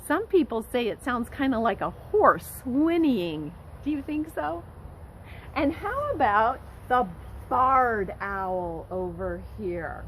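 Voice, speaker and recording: A woman nature educator giving an expressive lesson to children, speaking directly to her young listeners. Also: fairly high pitch, slow, a little hiss or hum, low-quality recording.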